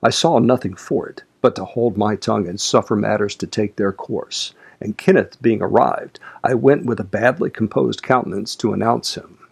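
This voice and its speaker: A man reading a classic novel aloud as audiobook narration, in a measured, slow, even delivery. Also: lowish voice, creaky, breathy edge. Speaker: audiobook reader.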